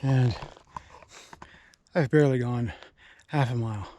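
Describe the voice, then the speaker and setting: A man's voice: mid-range voice, measured pace, mellow. An out-of-breath man filming himself on a mountain trail during a race, weary and muttering to himself between climbs. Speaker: trail runner vlogging a race. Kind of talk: breathless self-filmed race diary. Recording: noisy outdoor camera audio.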